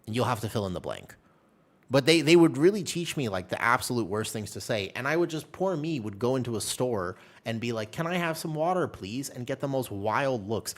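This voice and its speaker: A man chatting casually with his viewers while streaming a game, telling stories in an animated way. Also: mid-range voice, a little fast.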